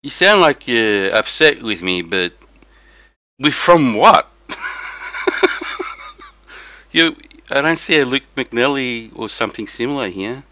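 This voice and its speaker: A man's voice: mid-range voice, expressive, slow, pauses often, sharp tone, no echo, poor audio. A tired young man chatting casually to viewers on a live stream, rambling about his race. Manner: rambling, talks to chat viewers. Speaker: sim racing streamer.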